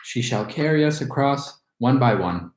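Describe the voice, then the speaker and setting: A man's voice: medium pitch, animated, moderate pace, natural voice. A man reading the lines of a frightened but brave little girl, in an earnest, pleading way. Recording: roomy echo.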